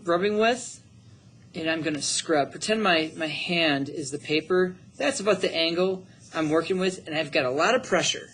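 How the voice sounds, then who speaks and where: A man's voice: high-pitched, slight background noise. A middle-aged man teaching a drawing lesson, upbeat and encouraging, thinking aloud as he works. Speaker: art teacher.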